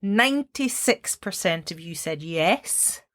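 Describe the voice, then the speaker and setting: A woman co-hosting a podcast in casual chat, dry and quick to laugh. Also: on the low side, lively intonation, fairly bright tone. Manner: dry, laughs easily, reads poll results. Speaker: podcast co-host.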